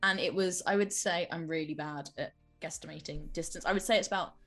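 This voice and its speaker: A woman's voice: low voice, a little fast, fairly bright tone, soft background music. A woman telling a travel anecdote in a chatty, hesitant way on a live show. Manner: chatty, many "like" fillers, hesitant. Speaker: player and science communicator. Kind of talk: casual anecdote chat.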